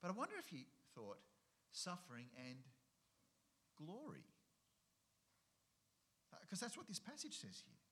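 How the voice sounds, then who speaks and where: A man's voice: high voice, wildly swooping pitch, measured pace, long pauses, sharp tone. A middle-aged man, preaching a sermon and driving his points home with rhetorical questions and repetition. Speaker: pastor.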